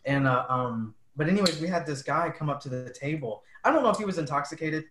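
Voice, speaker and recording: A man with a slightly high voice tells a story in a relaxed, halting way, full of fillers. He sounds roomy and echoey, recorded in a bare room. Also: background noise. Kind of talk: casual podcast chat.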